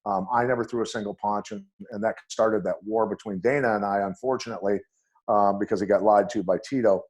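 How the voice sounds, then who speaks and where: As a guest on a podcast interview, a middle-aged man who once coached fighters spins stories in a blunt, lively manner, doing voices for the people in them. He talks fast in a lowish voice.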